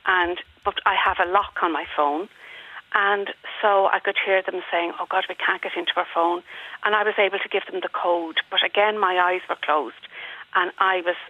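A woman's voice: on the low side, no room sound. A woman, a caller on a radio phone-in telling a personal story in an earnest, plain way. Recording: tinny dry phone line.

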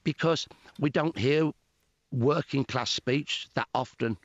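A man's voice: medium pitch, takes it slowly, no room sound. Brummie guy on a radio interview, earnest and emphatic, muffled dry line. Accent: Birmingham. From Birmingham, England. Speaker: historian and author guest.

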